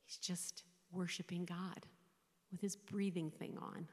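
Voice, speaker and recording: Halting woman in her 60s, echoing hall. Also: on the low side, level tone, darkish tone. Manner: halting, emotional, often dropping to a whisper. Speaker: chaplain. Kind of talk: personal faith testimony. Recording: long hall reverb.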